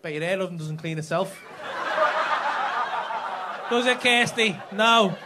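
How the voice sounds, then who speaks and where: A male stand-up comedian with a high-sitting voice and an unhurried pace works the crowd on a comedy club stage, handheld mic in hand. His banter is brash, profane, and teasing. It's a live club recording with background noise.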